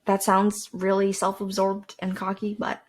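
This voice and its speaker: A woman's voice: mid-range voice, completely flat delivery, unhurried. A teenage girl from Canada, rambling casually to camera as a podcast host, with lots of fillers and restarts. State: dry throat.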